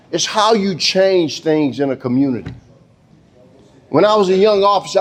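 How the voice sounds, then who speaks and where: A middle-aged man, a police chief telling a folksy story to an audience. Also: on the high side. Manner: folksy, addresses the crowd as y'all and baby. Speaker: police chief giving a speech.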